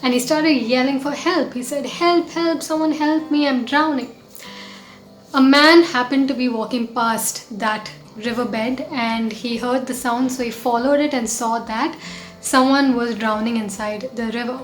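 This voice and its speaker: A woman speaks in an earnest, conversational way, often restarting her sentences as she tells a story and reflects on it. Her fairly high voice echoes around a roomy space while soft music plays in the background. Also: fairly even intonation, moderate pace. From India. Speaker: host and mindfulness coach. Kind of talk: storytelling vlog talk. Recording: roomy echo, faint music.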